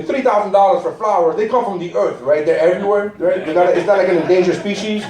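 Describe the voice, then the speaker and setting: A man in his thirties doing a live stand-up set on a cruise ship stage, animated, tossing "right?" to the crowd. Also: high voice, fairly quick. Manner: animated, rhetorical "right?" asides. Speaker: stand-up comedian. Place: cruise ship theater, audience laughing. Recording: echoey theater from far off. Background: crowd laughter.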